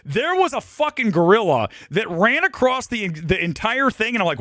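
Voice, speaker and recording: A man hosting a casual live movie-review stream, talking in a brash, rambling way with frequent swearing and quick laughs. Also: high-pitched, big pitch swings, a bit bright, no room sound, clean studio sound. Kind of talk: casual live-stream chat reading comments. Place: home studio near Los Angeles.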